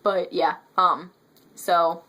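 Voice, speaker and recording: A woman's voice: lowish voice, fairly even intonation, very slow, sharp tone. Rambling woman reviewing a book. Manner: rambling, self-correcting, emphatic when annoyed; gestures with her hands while talking. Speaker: book vlogger. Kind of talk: casual book review vlog.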